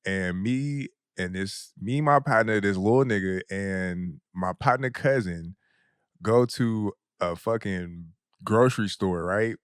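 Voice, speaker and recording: A young adult man hosting a podcast, telling a story in a casual, animated way. He laughs often mid-story and uses a lot of slang and profanity. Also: on the low side, slow, clean tone, no room sound, clean studio sound. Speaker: podcast host.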